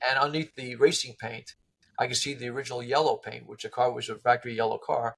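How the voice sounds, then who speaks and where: Animated man telling a story. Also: medium pitch, fast talker, gravelly, low-quality recording. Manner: lively, acts out quoted people in voices. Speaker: interview guest, car restorer.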